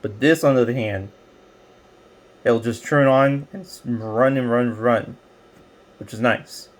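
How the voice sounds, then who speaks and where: A man's voice: medium pitch, unhurried. A man giving a casual, rambling product review, explaining with many fillers and restarts. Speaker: tech reviewer.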